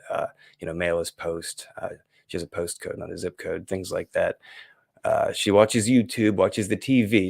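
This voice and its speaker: A man's voice: sits low, creaky, no room sound. A man hosting a casual solo live stream, rambling and gushing with lots of fillers and restarts.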